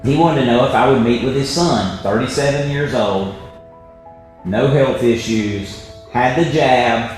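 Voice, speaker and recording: A man presenting a health webinar, telling stories emphatically and tagging his points with "right?". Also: medium pitch. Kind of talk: motivational health talk. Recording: very echoey room, faint music.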